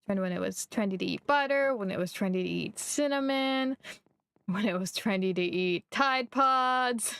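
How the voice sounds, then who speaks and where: A young woman from Missouri, chatting casually and rambling while she streams a game, quick to poke fun at herself. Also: medium pitch, gravelly, fairly bright tone, clear, resonant tone, no echo. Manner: rambling, chatty, self-deprecating. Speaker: livestreamer. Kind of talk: casual live gameplay chat.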